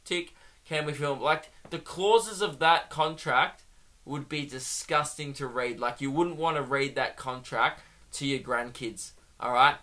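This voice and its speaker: A young man hosting a comedy podcast, riffing in an animated, mocking way with free swearing. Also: medium pitch, a little slow. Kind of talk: comic monologue.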